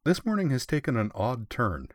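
A man voicing a level-headed teenage girl bassist who speaks in a dry, matter-of-fact way. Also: big pitch swings, moderate pace, no room sound, natural voice.

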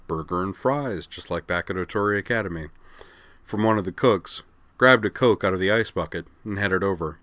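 A man narrates a story in a steady, even audiobook reading. His voice is very deep and low. The recording is dry with no room sound. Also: moderate pace, no echo.

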